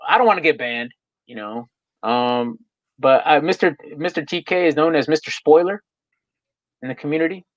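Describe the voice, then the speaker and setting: A man's voice: on the high side, normal speed, pauses often, no room sound, lo-fi sound. A young man co-hosting a live stream in a casual, laid-back chat, full of fillers and easy laughs.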